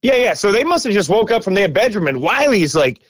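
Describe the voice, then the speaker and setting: A man on a podcast chatting casually, telling a story with swearing and quick jumps in his voice. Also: no echo. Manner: lively, swearing, jumps between pitches. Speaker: podcast co-host.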